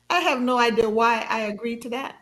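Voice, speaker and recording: A woman appears as a guest on a podcast, recounting a personal story in a lively, conversational manner. She laughs often, and her pitch leaps up whenever she quotes herself.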